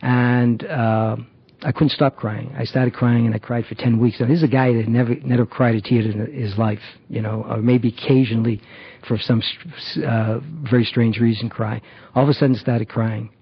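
A middle-aged man shares his personal testimony in a halting way, stopping often on fillers and restarting his sentences. His voice is gravelly and husky. The recording is dry and dull, with a muffled lo-fi sound. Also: medium pitch, flat delivery, no echo. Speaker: recovery program member.

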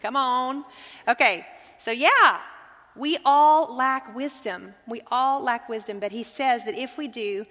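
A woman's voice: fairly high pitch, takes it slowly, bright, forceful tone. A woman teaching a Bible study to a group, earnest, asking them questions as she goes. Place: large hall with a group. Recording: long hall reverb.

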